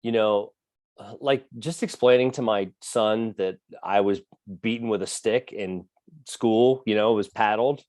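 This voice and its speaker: A man co-hosting a podcast, telling a personal story in a halting, casual way with many fillers. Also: on the low side, darkish tone, dry recording, studio quality. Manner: halting, filler-heavy, fatherly. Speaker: podcast co-host.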